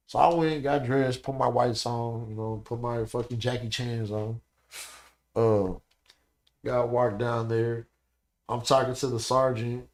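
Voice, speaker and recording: A man talking as a podcast guest, telling animated, profane stories and often asking "you know what I'm saying". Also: mid-range voice, normal speed. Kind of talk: casual podcast conversation.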